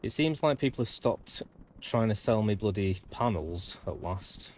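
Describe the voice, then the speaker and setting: Low-voiced man streaming casually. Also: expressive, a little slow, a little mellow, a little hiss or hum. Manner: chatty, rambling, mild swearing, talks to viewers. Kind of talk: casual gameplay commentary.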